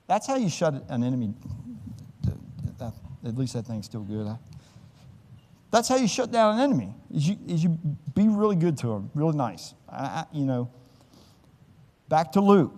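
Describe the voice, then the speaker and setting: A man preaching a sermon as a pastor, in a conversational, folksy way, with lively voices for the people in his stories. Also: on the high side, moderate pace, pauses often. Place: church sanctuary. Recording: long church hall reverb.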